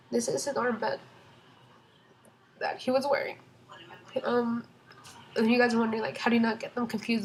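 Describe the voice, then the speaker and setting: A young woman telling a storytime vlog from home in a casual, excited way, rambling with lots of fillers and restarts. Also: a little high, a little hiss or hum, poor audio. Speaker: vlogger.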